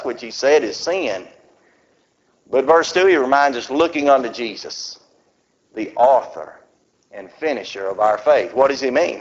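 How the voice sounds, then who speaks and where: A man preaching a sermon, slowing down and stressing words as he reads scripture aloud. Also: a little high. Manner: drawn-out emphatic scripture reading. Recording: dull lo-fi recording.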